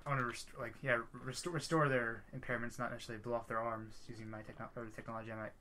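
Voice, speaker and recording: A man's voice: mid-range voice, level tone, racing, bright, forceful tone, a little hiss or hum. A man in his twenties co-hosting a casual podcast, rambling and hesitant, often starting a thought over. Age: 20s. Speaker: podcast co-host. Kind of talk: casual chat.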